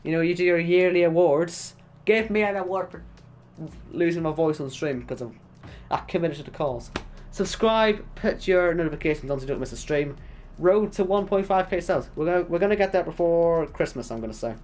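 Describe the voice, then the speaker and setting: A man, hoarse and worn out, casually wrapping up an esports race stream and chatting with viewers. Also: fairly high pitch, expressive, brisk, darkish tone, faint music behind. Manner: chatty, reads chat aloud, self-deprecating. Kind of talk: casual stream sign-off commentary.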